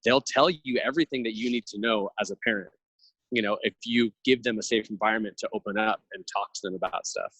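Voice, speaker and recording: A man's voice: on the low side, quick pace, a bit bright, slightly rough, no echo, low-quality recording. A man in his thirties, a podcast guest, talking earnestly and reflectively in long thoughtful runs. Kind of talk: casual conversational interview.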